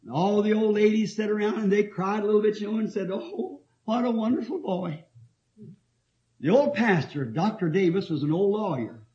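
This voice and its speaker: A man's voice: high-pitched, a little fast, hardly any pauses, mellow. A man preaching a sermon, reading scripture and telling stories in an emphatic way, often laughing. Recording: dull lo-fi old tape.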